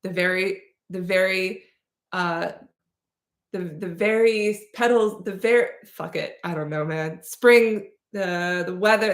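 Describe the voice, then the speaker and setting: A woman's voice: on the low side, slow, roomy sound. A woman hosting a casual livestream Q&A, rambling and playful with lots of fillers and restarts. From Slavic heritage. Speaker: livestream host answering questions.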